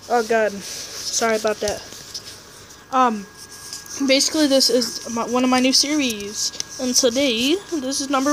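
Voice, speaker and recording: A woman chatting through a game session as commentator, rambling and excitable, tossing jabs at other players. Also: fairly high pitch, a little hiss or hum, poor audio. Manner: rambling, excitable, trash-talking teammates; restarts and fillers, chatty. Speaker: gameplay commentator. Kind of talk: casual live game commentary.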